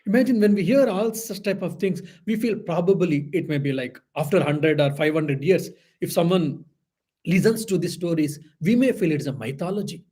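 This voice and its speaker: Monk guy giving a spiritual talk, husky kinda breathy voice, earnest storytelling, lots of "i mean" restarts. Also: a little high, normal speed, warm tone.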